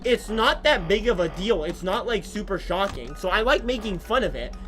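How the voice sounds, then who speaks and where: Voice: mid-range voice, lively intonation, moderate pace, fairly bright tone, soft background music. A streamer giving playful, jokey gameplay commentary while talking to viewers. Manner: playful, jokey, talks to chat.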